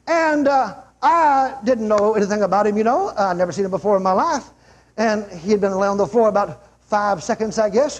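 An older man preaching a revival sermon to a large church crowd, telling stories emphatically and shouting out the lines he quotes. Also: very high voice, breathy edge. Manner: emphatic, shouts out quotes, acts out a healed man's yells.

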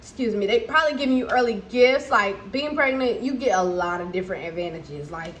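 A pregnant young woman, chatting candidly to camera at home in a vlog with animated asides. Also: medium pitch, a little fast, a little hiss or hum. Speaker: vlogger. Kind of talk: casual chat to camera.

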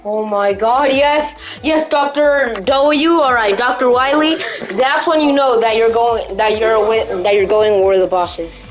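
A young woman with a higher voice talks over her gameplay in unhurried, drawn-out phrases, breaking into yells at the screen. Game music plays clearly behind her desk mic. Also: rough recording. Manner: excitable, yelling at the game. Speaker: gamer. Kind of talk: let's play commentary.

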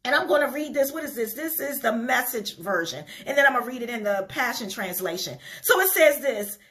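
A woman's voice: a little high, animated, brisk, a bit bright. A woman leading a ministry, delivering a fervent sermon with conversational asides to her listeners. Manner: impassioned, fervent preaching. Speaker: ministry leader.

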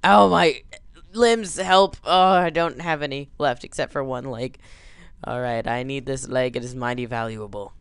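A man's voice: mid-range voice, moderate pace, fairly bright tone, clear, resonant tone, dry recording. A man doing goofy gameplay commentary, yelping and joking whenever his character crashes. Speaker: let's play gamer.

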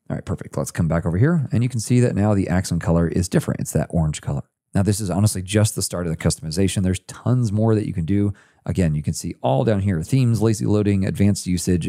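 A man's voice: low voice, dark tone. A man hosting a screen-share coding tutorial, talking casually through each step.

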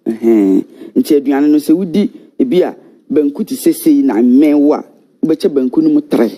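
Very mellow man giving advice. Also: a little high, normal speed. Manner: relaxed, giving advice with many agreeing murmurs. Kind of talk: casual studio chat.

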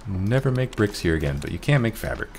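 A man's voice: lowish voice, big pitch swings, quick pace, vocal fry, darkish tone, slight background noise. A man casually commentating a strategy game he is playing, muttering to himself in a wry, self-mocking way, with faint game music and keyboard typing behind him. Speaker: gameplay commentator. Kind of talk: casual let's-play commentary.

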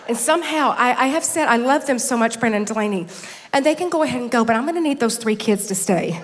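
A woman's voice: a little high, quick pace, slight background noise. A woman in her fifties giving a conference talk in a chatty, self-deprecating way, holding back tears as she tells funny personal stories. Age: 50s. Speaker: conference speaker. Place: large hall with stage. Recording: long hall reverb.

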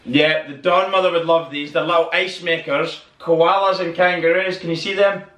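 A man's voice: fairly high pitch, fairly even intonation, moderate pace, fairly bright tone. Man, enthusiastic unboxing host, exclaiming, echoey room, distant mic, noisy. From Northern Ireland. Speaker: channel host. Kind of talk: excited unboxing vlog.

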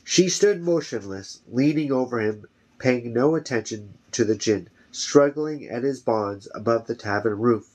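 A man reading a fantasy novel aloud at home, steady with small slips and corrections. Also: mid-range voice, measured pace. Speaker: reader.

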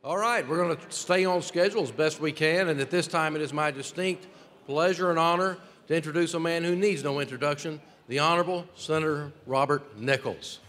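A man's voice: a little high, brisk, fairly bright tone. A man hosting a luncheon, casually introducing guests with lots of fillers and restarts. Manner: casual, rambling with frequent fillers. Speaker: event host. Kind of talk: emcee introductions. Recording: long hall reverb.

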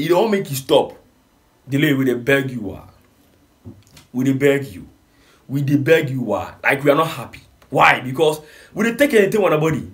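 A man with a Ghanaian accent mixing Pidgin, hosting a casual entertainment reaction video, reading out comments and pleading with lively swings in his voice. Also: medium pitch, a little fast. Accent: Ghanaian English with Pidgin. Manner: animated, reads comments aloud, pleading.

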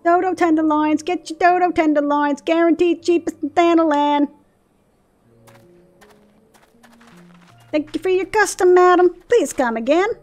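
A woman's voice: extremely high pitch, normal speed, a little mellow, faint music behind, voice pushed up. A woman voicing a flashy male street hawker in a video game, putting on an odd mixed regional twang and selling in a sing-song patter. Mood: hawking.

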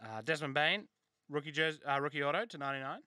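A man hosting a live trading card break, excitably calling out each card and joking with a co-host. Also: fairly high pitch, fast talker, slight background noise. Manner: excitable, banters and jokes while calling out pulled cards. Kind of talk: live case break commentary.

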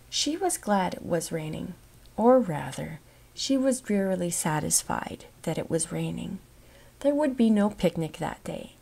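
A woman narrating a classic novel in a measured, expressive reading that dips into soft whispers. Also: lowish voice, gravelly, breathy edge. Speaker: audiobook narrator. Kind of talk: scripted narration.

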